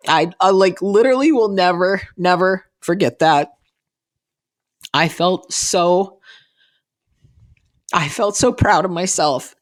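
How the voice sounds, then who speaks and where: A woman's voice: on the low side, takes it slowly, a bit bright. Chatty, earnest woman host. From Minnesota. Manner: chatty, earnest and encouraging, with many "like"s and restarts. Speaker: podcast host and real estate agent. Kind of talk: casual solo podcast talk.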